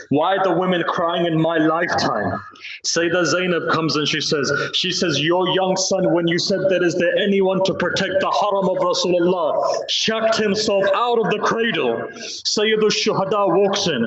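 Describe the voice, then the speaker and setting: High-voiced man reciting a mournful sermon. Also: fairly bright tone. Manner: slow, grieving storytelling recitation with quoted speech. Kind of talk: Muharram majlis recitation. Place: mosque hall. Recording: roomy, dull hall recording.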